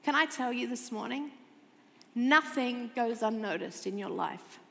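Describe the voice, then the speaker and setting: A woman's voice: on the high side, measured pace, creaky, a little hiss or hum. Woman preaching in a reverberant church. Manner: expressive, shifts from loud emphasis to soft intimate tones. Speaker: pastor. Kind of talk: sermon. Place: church sanctuary.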